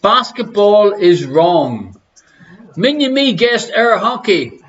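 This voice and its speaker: Slow and sing-song, the high voice of an Irish man comes through a muffled recording as he streams a pub quiz from his living room. He reads questions and teases his players with crude jokes.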